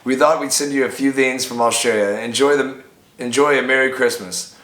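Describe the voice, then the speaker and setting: A man opening fan mail in a casual vlog, chatty and prone to loud excited outbursts. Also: mid-range voice, fairly quick. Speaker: bar owner and vlogger. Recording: echoey room, faint background noise.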